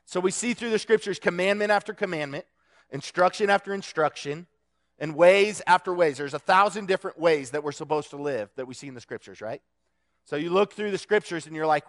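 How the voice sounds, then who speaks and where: High-voiced man giving a casual sermon. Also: a little fast, a bit bright. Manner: conversational, joking, with restarts.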